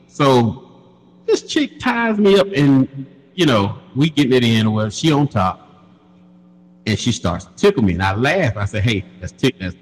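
A man's voice: mid-range voice, long reverb tail, low-quality recording. Crude laughing storyteller man. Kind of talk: casual storytelling chat.

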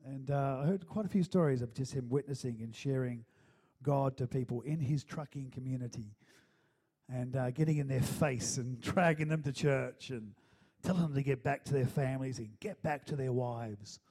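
A man's voice: medium pitch, moderate pace, dark tone. A male pastor preaching a sermon and praying with his congregation in a conversational style, with frequent calls of "amen?" and casual fillers and restarts. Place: church hall with congregation.

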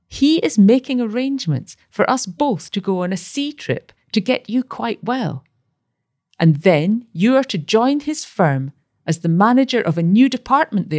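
Woman narrator as a devoted young wife, fussy and gleeful, lively pitch. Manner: coaxing, bright storytelling.

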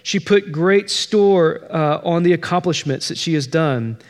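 A man's voice: a little high, a little slow. Emphatic male pastor preaching. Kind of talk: sermon.

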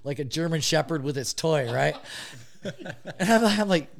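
A man telling a funny story in casual chat, animated and laughing often as he goes. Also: a little high, normal speed, gravelly.

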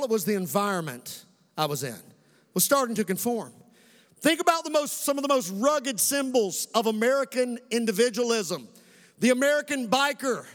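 High-voiced Kentucky preacher in a reverberant hall. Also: male voice, fairly bright tone. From Western Kentucky. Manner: preacher's cadence, slowing for emphasis, calling on the congregation. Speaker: pastor. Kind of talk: sermon.

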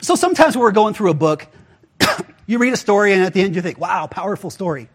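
A man with a high voice preaching in a loose, conversational way. He talks to the congregation like friends and slips into little acted-out voices for the people in his stories. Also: fast talker. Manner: casual and animated, acts out quoted voices. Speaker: pastor. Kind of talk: conversational sermon.

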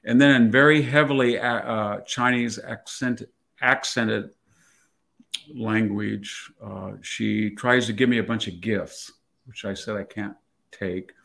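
A man's voice: lowish voice, steady tone, slow, vocal fry, a bit bright. A man in his sixties telling a long story in conversation, rambling and correcting himself as he goes. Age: 60s. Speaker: guest commentator.

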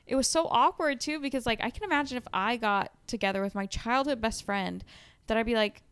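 A young woman talks casually as a podcast co-host, rambling through plot summaries with plenty of "like" and "um". Her voice is smooth and clear, with a mid pitch, recorded close and dry with no room sound. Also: a little fast, fairly bright tone, no room sound. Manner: chatty, lots of "like" and "um", retelling book plots. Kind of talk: casual chat.

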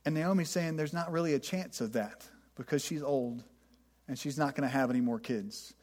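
A man's voice: medium pitch, normal speed, a little mellow. A middle-aged man preaching a sermon in a conversational way, often repeating words as he goes, with a self-deprecating streak. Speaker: pastor.

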